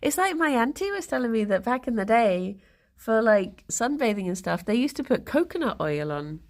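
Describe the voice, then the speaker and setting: A woman's voice: a little high, sing-song, moderate pace. A young woman chatting casually on a live stream, rambling and giggling often as she reads the chat aloud.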